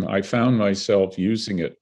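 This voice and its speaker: Taking his time, an older man from Canada speaks in a lowish, slightly rough voice as a conversation guest. He spins vivid, animated stories and laughs between them.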